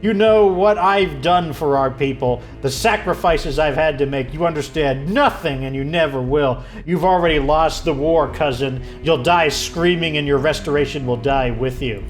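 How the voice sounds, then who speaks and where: A man's voice: a little high, moderate pace, hardly any pauses, soft background music, lightly acted. A man reading aloud the lines of a scheming, vengeful noblewoman villain from a video game in a sneering, threatening manner. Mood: menacing.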